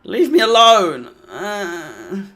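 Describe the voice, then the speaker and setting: A man's voice: sits high, very animated, very slow, pushed and bright. A young man from England hosting a live football watch-along, deflated, sweary and sarcastic. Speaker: fan channel host.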